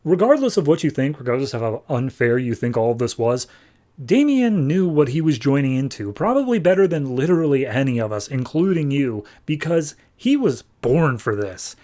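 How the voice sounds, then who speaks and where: A man's voice: mid-range voice, big pitch swings, normal speed, warm tone, natural voice. A man voicing a friendly, casual young male hero in a slangy paraphrase while retelling a comic. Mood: earnest. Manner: laid-back paraphrase, slangy.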